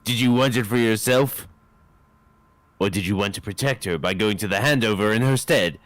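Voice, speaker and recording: A man with a low voice, recorded close and dry, reads a detective's lines from a story game. He plays it half straight, half joking, and breaks into laughter with his co-player. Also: moderate pace, fairly bright tone, dry recording. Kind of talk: playful co-op game voice-acting.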